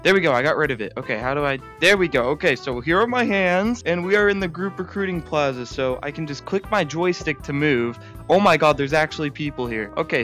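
A man giving excited, chatty commentary to his viewers while he plays a video game in a room at home. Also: fairly high pitch. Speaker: gaming YouTuber.

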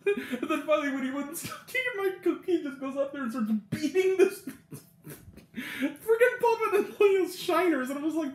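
Lively high-voiced young man with laughs. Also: normal speed. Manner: rambling, laughs often, acts out quotes. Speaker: TV review vlogger. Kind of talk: casual review monologue. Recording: echoey room.

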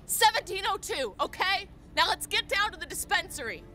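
A woman's voice: extremely high pitch, animated, moderate pace, background noise. An actress playing a tough, determined young woman in a video game cutscene, curt and accusing. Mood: angry.

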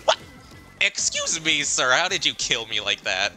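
Bright-voiced giggly male streamer. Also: medium pitch, very animated, unhurried, low-quality recording. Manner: giggly, jokey. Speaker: streamer host. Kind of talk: casual gaming chat. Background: game music.

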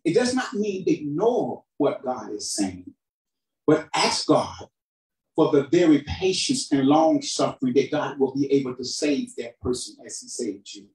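A man preaching a sermon as pastor, calling for responses from the congregation and swinging between shouted emphasis and quiet, low asides. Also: lively intonation, measured pace. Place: church hall. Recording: roomy hall sound from a distant mic.

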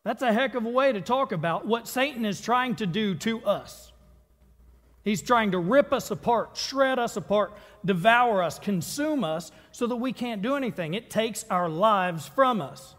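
A man's voice: high voice, animated, normal speed, a bit bright. A man preaching a sermon in a church, reading scripture in an earnest, conversational way. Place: church sanctuary. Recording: long reverb of a church hall.

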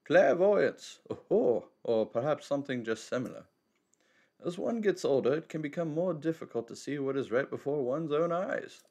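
A man voicing a mysterious, teasing old male hermit in a slow, measured old man voice, reading game dialogue aloud. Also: fairly high pitch, animated, mellow, voice pushed up. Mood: cryptic, teasing.

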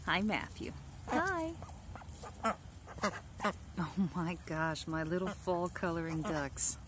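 A woman's voice: on the low side, steady tone, takes it slowly. Lady cooing at her ducks in the backyard, phone cam, bit of noise and quacks behind. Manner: cooing baby talk to ducks. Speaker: backyard duck keeper. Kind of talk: casual vlog talking to pets. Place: outdoors in a backyard. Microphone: handheld phone camera.

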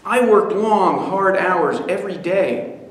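A man's voice: a little high, big pitch swings, moderate pace, distant mic. A man playing a tired, irritable father who scolds his young son, in a story read at a devotion. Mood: angry. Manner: gruff, scolding. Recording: echoey hall.

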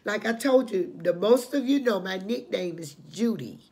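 An older woman with an animated, medium-pitched voice that's a little mellow and breathy speaks at a moderate pace. On her own channel she tells her life story to the camera as an emotional testimony, getting preachy, calling viewers "honey," and repeating herself.

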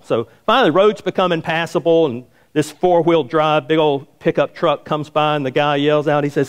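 A man preaching a sermon as a pastor, telling a story and acting out the voices in it. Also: a little fast. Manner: storytelling, acts out the quoted voices in a higher pitch. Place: church sanctuary.

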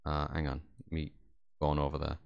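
A man's voice: very deep voice, monotone, fairly quick, gravelly, a little mellow, smooth, lo-fi sound. A man streaming a game, chatting casually with viewers in a rambling, jokey, self-deprecating way. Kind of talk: casual livestream chat.

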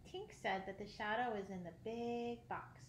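A woman reading a children's classic aloud, expressive, with occasional slips and throat clearing. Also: fairly high pitch, normal speed, a little hiss or hum. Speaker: audiobook reader. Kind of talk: storybook narration. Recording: roomy echo.

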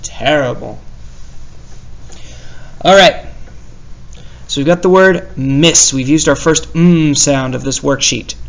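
A male teacher giving an online spelling lesson, slowly sounding out words and teasing himself in a playful way. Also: a little high, gravelly, fairly bright tone.

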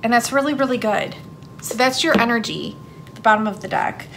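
A woman's voice: fairly high pitch, animated, a little fast, creaky, fairly bright tone, a little hiss or hum. A woman giving a casual tarot card reading for her channel, chatting in a rambling way with lots of fillers. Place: her home, downstairs.

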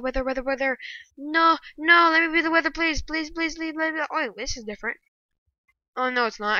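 A woman giving live gameplay commentary, excitable and bursting into loud shouting rants. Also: high voice, no echo, lo-fi sound. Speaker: gaming video creator.

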